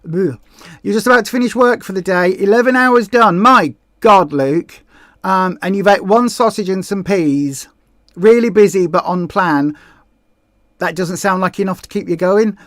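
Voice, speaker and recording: A man's voice: high-pitched, normal speed, a bit bright, no echo, clean studio sound. A man hosting a weight-loss livestream, chatting casually and rambling through viewer comments with frequent restarts. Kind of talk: casual live chat reading viewer comments.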